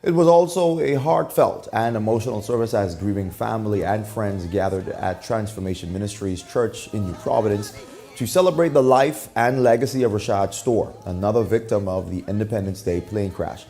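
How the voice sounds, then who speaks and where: Male news anchor, low voice, mellow tone, steady formal news reading. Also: normal speed. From Bahamas.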